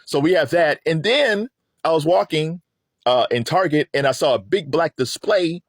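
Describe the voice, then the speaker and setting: A middle-aged man hosting a casual pop-culture commentary, animated and rambling, laughing often. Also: fairly high pitch, normal speed, no echo. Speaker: host.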